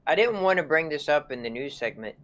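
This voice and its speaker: A man's voice: on the high side, expressive, normal speed, fairly bright tone. A man co-hosting a gaming podcast in casual chat, laid-back and peppered with "dude" and "man". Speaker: podcast co-host.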